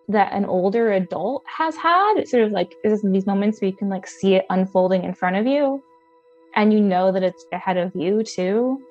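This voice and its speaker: A woman in her twenties telling a personal story in a lively, expressive, self-mocking way. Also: medium pitch, dull audio.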